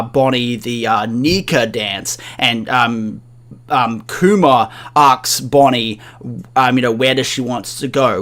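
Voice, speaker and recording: A man's voice: mid-range voice, a bit bright. Rambling man recapping an anime episode. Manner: rambling, heavy on fillers like um and you know. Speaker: anime reviewer.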